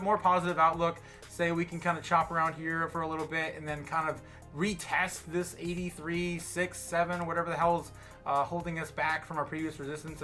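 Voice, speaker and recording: Rambling through casual market talk on his livestream, a slightly tipsy American man uses many fillers and restarts. His voice is a little high and sharp in tone.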